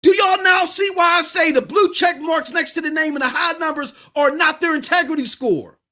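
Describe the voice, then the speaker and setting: High-pitched, excitable podcast host ranting. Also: male voice, moderate pace. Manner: animated, often yelling, addresses viewers directly. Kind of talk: live-streamed commentary rant.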